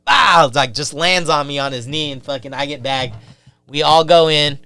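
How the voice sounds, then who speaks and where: A man's voice: on the high side, fairly even intonation, normal speed, fairly bright tone, clear, resonant tone. A man, a podcast guest, telling a rambling, casual story full of fillers and swearing.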